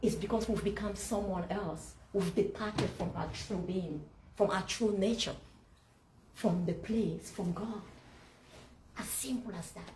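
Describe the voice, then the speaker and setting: A woman's voice: mid-range voice, measured pace, darkish tone. Woman, sermon-like teaching talk, preaching style, rhetorical questions, echoey event room. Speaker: speaker leading a masterclass. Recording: roomy hall with faint background noise.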